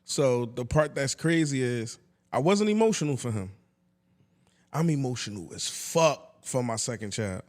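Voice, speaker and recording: A man's voice: medium pitch, expressive, measured pace, darkish tone. A man chatting on a podcast, stammering and repeating himself as he tells a heartfelt story. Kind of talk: casual podcast chat. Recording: long reverb of a large room.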